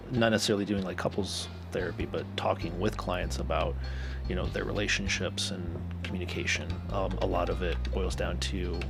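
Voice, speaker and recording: A man's voice: deep voice, creaky. A man co-hosting a podcast as a therapist, talking loosely and chattily with lots of fillers. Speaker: co-host, therapist. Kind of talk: casual podcast chat.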